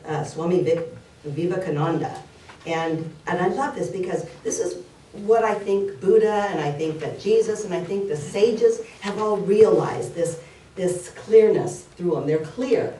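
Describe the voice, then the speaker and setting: A woman delivers an earnest, story-driven sermon in a church hall, repeating key phrases at a measured pace. Her voice is on the low side and mellow, with a distant mic capturing the roomy space and slight background noise.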